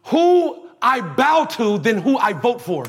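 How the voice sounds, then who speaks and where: A man's voice: very high voice, very animated, takes it slowly, slightly rough. A male preacher giving a conversational, slangy sermon, leading the congregation in call-and-response.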